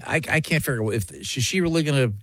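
Husky wisecracking radio co-host man. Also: mid-range voice, lively intonation, fast, fairly bright tone, dry recording, studio quality. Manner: wisecracking, crude jokes. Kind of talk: casual morning radio banter.

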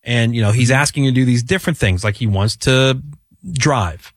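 A man's voice: medium pitch, moderate pace, no echo, studio quality. A middle-aged man hosting a radio show, telling family stories in a chatty, rambling way with lots of fillers. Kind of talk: casual radio banter. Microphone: studio mic.

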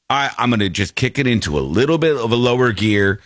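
A man hosting a podcast with a playful, joking manner, his pitch swinging widely as he slips into silly high voices. He sounds a little under the weather and takes it slower than usual. The sound is dry and close, with no room around him. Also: big pitch swings, fairly bright tone, no echo. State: sounds a bit sick, slowed down. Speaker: podcast host. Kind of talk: comedic casual chat.

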